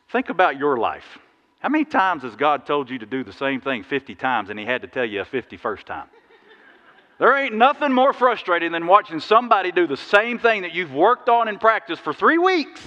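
Male pastor mid-sermon, bright, forceful delivery, animated storytelling, dull hall sound. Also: medium pitch. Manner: lively, animated storytelling with sudden loud bursts.

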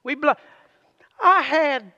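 A man preaching a sermon to a congregation, calling for amens and reading scripture aloud slowly. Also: very high-pitched, bright, forceful tone, big-room sound, lo-fi sound. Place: church sanctuary.

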